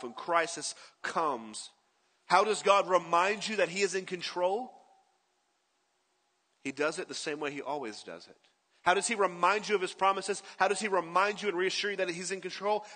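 A man's voice: sits high, pushed and bright, big-room sound. A man preaching a sermon as a pastor, in a conversational way, often asking his listeners "right?".

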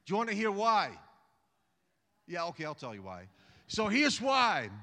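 A man's voice: high voice, big pitch swings, fairly quick, fairly bright tone, big-room sound. A man preaching a sermon in a chatty, humorous way, often restarting phrases and calling on the congregation to repeat words. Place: church.

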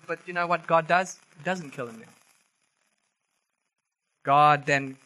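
A man preaching a sermon, telling the story in a lively, animated way and acting out quoted voices. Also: on the high side, takes it slowly, low-quality recording.

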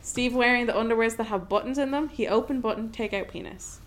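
A woman's voice: on the high side, quick pace, fairly bright tone. Giggly woman podcast co-host. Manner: giggly, playful, jokey. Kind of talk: casual film-review chat.

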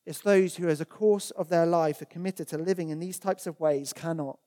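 Fields: Role: preacher. Style: sermon. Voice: mellow. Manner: earnest, emphatic, repeats words for stress. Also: medium pitch, fairly even intonation, moderate pace.

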